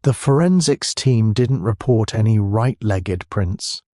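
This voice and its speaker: An actor voicing a blustering, pompous police chief inspector who bellows and sneers. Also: male voice, lowish voice, animated, slow, dark tone, no room sound, clean studio sound.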